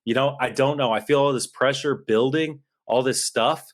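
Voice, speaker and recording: A man's voice: medium pitch, moderate pace. A man co-hosting a podcast, ranting in a heated, worked-up way into a studio mic. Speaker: podcast co-host. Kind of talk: political podcast rant.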